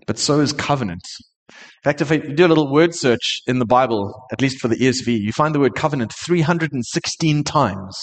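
Male pastor, sincere sermon delivery, mid pitch, hesitant pauses, big hall reverb. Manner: earnest, sincere, with frequent hesitations. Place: church hall.

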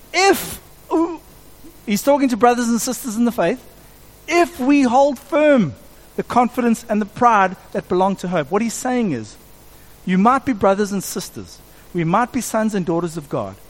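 High-voiced man preaching animatedly. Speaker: pastor. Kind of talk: sermon.

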